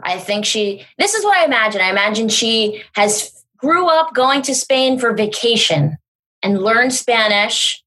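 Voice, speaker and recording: A young American woman hosting a comedy podcast, chatting casually with playful asides. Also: medium pitch. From United States. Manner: animated, quick asides and playful mock voices. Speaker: podcast host.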